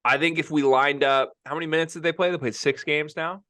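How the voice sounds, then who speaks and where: A man's voice: on the high side, fairly even intonation, brisk, bright, forceful tone. A young man co-hosting a casual sports podcast, opinionated and emphatic, often repeating himself as he makes his point. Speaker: podcast co-host.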